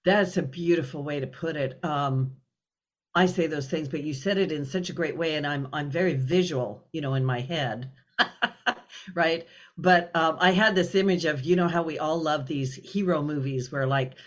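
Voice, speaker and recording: A man's voice: on the high side, moderate pace, a bit bright, lo-fi sound. A man hosting an interview, chatty and a little hesitant, restarting his sentences. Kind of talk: casual interview chat.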